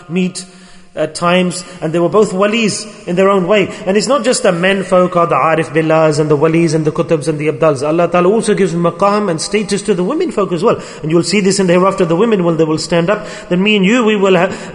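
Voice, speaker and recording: In a large hall, a high-voiced man delivers a sermon to his brothers. His preaching is built on storytelling, and he performs the quoted speech of each person in his tales.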